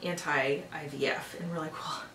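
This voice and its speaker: A woman's voice: on the low side, normal speed, a bit bright. A young woman telling a personal story in a casual vlog, chatty and full of filler words, growing exasperated at times. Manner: chatty, lots of fillers, exasperated when retelling. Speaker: vlogger. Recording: echoey room, a bit far from the mic, faint hiss.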